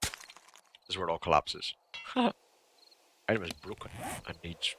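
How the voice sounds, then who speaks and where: A man casually chatting and joking while livestreaming a survival game, rambling between low mutters and loud exclamations. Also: little pitch movement, normal speed, background noise. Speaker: gaming livestreamer. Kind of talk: casual let's-play commentary.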